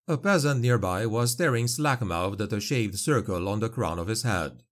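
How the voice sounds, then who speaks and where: A man narrating a dark fantasy audiobook in a measured storytelling manner. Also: lowish voice, animated.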